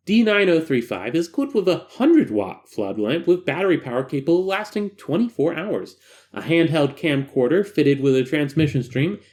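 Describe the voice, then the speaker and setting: A man narrating a creepy case file, then slipping into joking, self-mocking asides. His fairly high voice is lively, rising and falling freely as he reads and comments. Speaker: narrator and host. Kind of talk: reading a horror file with casual commentary.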